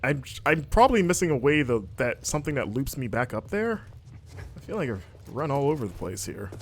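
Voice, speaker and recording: A man's voice: mid-range voice, sing-song, a little fast, slight background noise. A man hosting a game livestream, chatting casually and joking while narrating his own play. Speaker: game-playing host. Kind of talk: casual livestream gameplay commentary.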